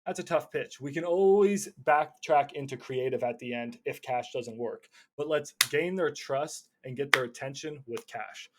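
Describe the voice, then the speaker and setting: A young man teaching casually about cold calling, acting out both sides of phone calls in lively voices. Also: medium pitch, normal speed, few pauses, very noisy. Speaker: real estate wholesaling coach.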